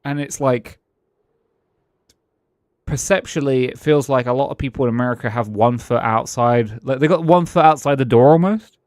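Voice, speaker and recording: A man's voice: medium pitch, normal speed, darkish tone, dry recording, clean studio sound. A British man streaming a game and musing aloud in casual chat, with frequent chuckles and restarted sentences. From Britain.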